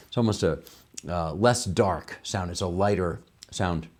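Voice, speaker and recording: A man explaining a piano arrangement in a tutorial, enthusiastic and relaxed, musing aloud between examples. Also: low voice, moderate pace. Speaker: piano teacher. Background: piano playing.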